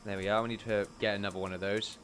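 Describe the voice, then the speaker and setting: A man's voice: fairly low pitch, level tone, rapid-fire, fairly bright tone, a little hiss or hum. A man giving chatty, rambling let's play commentary at a desk mic, tossing in jokey asides. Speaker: gameplay commentator.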